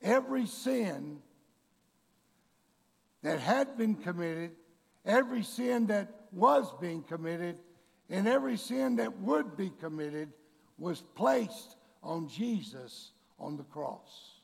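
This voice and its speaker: A man preaching a sermon to his congregation, bursting into shouted, drawn-out emphasis and calling them folks and church. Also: high-pitched, animated, gravelly, breathy edge. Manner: addresses the congregation directly. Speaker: pastor. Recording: long reverb of a large hall.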